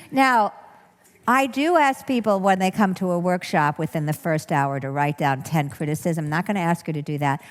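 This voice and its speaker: A woman's voice: fairly low pitch, moderate pace. A woman giving a talk as a workshop teacher. She speaks earnestly and keeps rephrasing and repeating herself for emphasis. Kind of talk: talk to an audience. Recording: long hall reverb.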